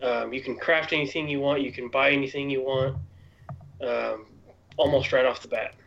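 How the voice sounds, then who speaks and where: A man's voice: mid-range voice, fairly even intonation, moderate pace, creaky, a bit bright, muffled recording. A man co-hosting a casual gaming chat, laid-back, with lots of "like" and easy laughter. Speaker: podcast co-host.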